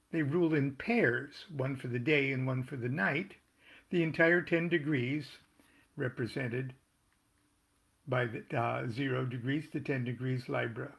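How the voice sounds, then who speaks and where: An older American man reading aloud from his own tarot booklet, pausing to explain terms and make small jokes. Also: mid-range voice, gravelly, slightly rough. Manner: unhurried, stops to explain and joke. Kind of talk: casual reading with asides.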